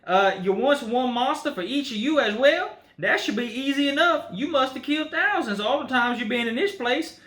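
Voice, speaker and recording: A man's voice: extremely high pitch, animated, normal speed, hardly any pauses, fairly bright tone, roomy sound, pitched above the performer's own voice. A man voicing a hungry old male hillbilly captor in a put-on Southern hillbilly accent, folksy and drawling. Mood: gleeful menace. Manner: folksy, drawling, gleeful menace.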